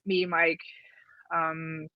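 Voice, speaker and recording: A woman's voice: deep voice, flat delivery, drawn-out words, no room sound. A woman telling a story as an interview guest, rambling with many filler words and frequent laughs. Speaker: comic artist guest. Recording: slightly dull, lo-fi sound.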